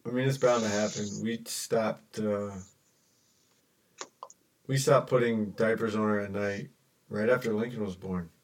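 Easygoing man, fairly low voice. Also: steady tone, a little slow, long pauses. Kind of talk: casual chat.

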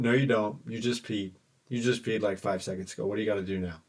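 A man's voice: lowish voice, a little fast. A man in his thirties chatting casually as a podcast co-host in an easygoing, agreeable way. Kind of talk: casual chat.

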